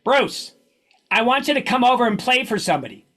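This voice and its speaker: A man doing a pushy old drum teacher, high and insistent. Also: sing-song, fairly quick, a bit bright, full character voice. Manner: insistent, badgering. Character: pushy, wry older male drum teacher.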